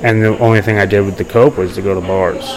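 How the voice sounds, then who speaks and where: A man's voice: lowish voice, fairly even intonation, fast talker, darkish tone, low-quality recording. A young man telling his story in a casual interview, rambling with many fillers and restarts. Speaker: podcast guest.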